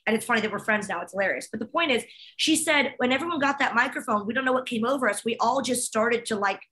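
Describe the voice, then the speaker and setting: A woman co-host pours out her thoughts in a quick, gushing rush. Her voice sits a little high and rings bright and sharp. She speaks with open emotion. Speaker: podcast co-host. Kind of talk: casual chat.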